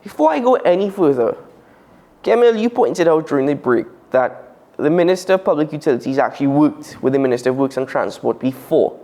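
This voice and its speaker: Male talk host, Trinidadian accent, emphatic, slightly raised pitch. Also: a little fast. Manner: animated, emphatic, with frequent restarts. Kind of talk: current affairs discussion.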